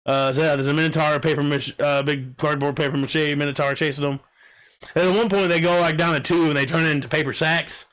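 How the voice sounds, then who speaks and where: A man co-hosting a casual podcast, retelling a story in an animated way and laughing often. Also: a little high, quick pace. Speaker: podcast co-host. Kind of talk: casual chat.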